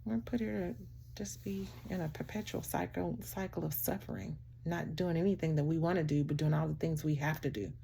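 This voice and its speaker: Woman, vlogger, lowish voice, motivational talk, animated, preachy, laughs often. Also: fairly quick, creaky, slight background noise. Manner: preachy, animated, laughs often, talks to listener as "child" and "baby". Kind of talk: heartfelt motivational talk to camera.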